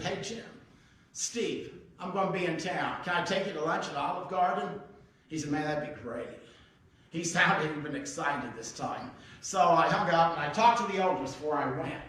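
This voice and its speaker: A middle-aged male pastor preaching with a bright, forceful voice that is pitched a bit high for a man. He tells his story in a folksy, conversational way and acts out the lines of the people in it. The sound is very echoey and picked up from a distance in a church sanctuary. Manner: conversational, folksy storytelling, acting out quoted dialogue. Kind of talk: storytelling sermon. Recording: echoey church hall, mic heard from a distance.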